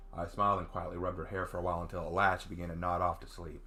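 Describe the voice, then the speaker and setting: A man's voice: low voice, little pitch movement, racing, hardly any pauses, sharp tone, a little hiss or hum. A man hosting a let's play, reading his story's first-person narration and breaking in with enthusiastic asides. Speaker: game host and writer.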